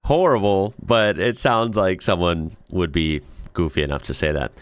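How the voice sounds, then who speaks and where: A man's voice: low-pitched, moderate pace, no echo. A man hosting a casual reaction video, reading comments aloud and often laughing in amused disbelief. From United States.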